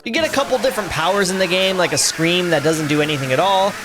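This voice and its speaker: A man's voice: high voice, noisy background. A man who hosts a gaming channel, giving sarcastic gameplay commentary in a voice-over. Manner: sarcastic, animated, quick to laugh. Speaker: gaming YouTuber.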